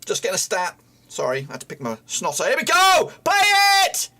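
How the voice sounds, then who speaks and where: A man reacting live to his team's match as a fan streamer, excitable, swearing often and yelling at the players. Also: high voice, brisk, breathy edge.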